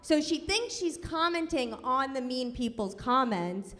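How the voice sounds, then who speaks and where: A woman's voice: sits high, expressive, a little slow, fairly bright tone. A woman from New York doing a sarcastic, self-deprecating stand-up set on a club stage. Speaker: stand-up comedian. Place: comedy club stage, audience laughing. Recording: live club recording, long reverb, audible noise.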